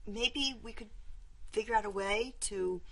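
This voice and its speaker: A woman's voice: medium pitch, unhurried, sharp tone. A woman in an acted role-play, answering a friend in a conversational way. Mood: sympathetic.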